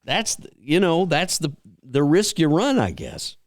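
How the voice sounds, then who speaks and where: A man's voice: a little high, big pitch swings, measured pace, no echo, studio quality. A middle-aged man hosting a casual farm radio chat, rambling through folksy stories with plenty of fillers. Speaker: radio show host.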